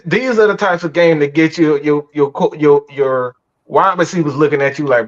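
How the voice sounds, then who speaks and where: On a live sports podcast, the host reacts after the game in a profane, exasperated rant, often stammering and restarting. He speaks at a normal speed in a voice on the high side with lively intonation, and the stream audio sounds dull and lo-fi.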